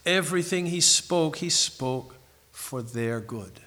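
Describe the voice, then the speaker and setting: A middle-aged man preaching a sermon in an earnest, reflective way, pausing and restarting as he tells a story. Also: fairly high pitch, lively intonation, sharp tone.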